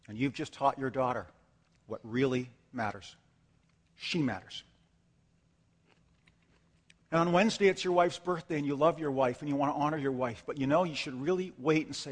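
A man's voice: medium pitch, normal speed. A man preaching a sermon in a church, telling a dramatic story with acted asides and building to impassioned emphasis. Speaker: pastor. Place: church sanctuary. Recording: long hall reverb.

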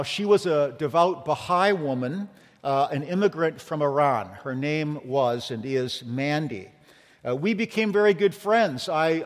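Earnest male pastor in a reverberant church. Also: on the high side. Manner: conversational storytelling, earnest with light humor. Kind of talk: sermon. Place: church sanctuary.

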